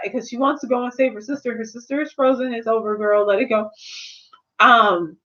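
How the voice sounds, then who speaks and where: A woman with a high voice chats through a film review in a sassy, slangy, playful way. The recording sounds dull and lo-fi. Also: steady tone, brisk, a bit bright. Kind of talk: casual spoiler review chat.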